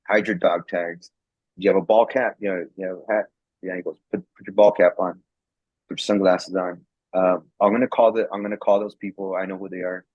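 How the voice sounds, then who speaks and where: A man's voice: low-pitched, slightly rough, no echo. A man, a former soldier, telling a story in a casual, rambling way and acting out the quoted dialogue, often repeating words. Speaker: guest, former National Guard soldier. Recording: dull lo-fi sound.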